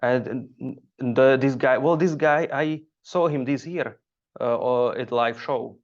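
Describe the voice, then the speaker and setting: A man from Slovakia with a Slovak accent, a stand-up comedian chatting on a podcast, halting, with many fillers and restarts. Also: mid-range voice, lo-fi sound. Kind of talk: casual podcast chat.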